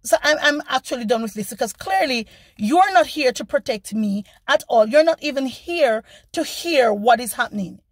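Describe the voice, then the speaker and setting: A woman vlogger telling a story in a casual, animated and indignant way, acting out the people she quotes. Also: high-pitched, moderate pace, hardly any pauses, no room sound.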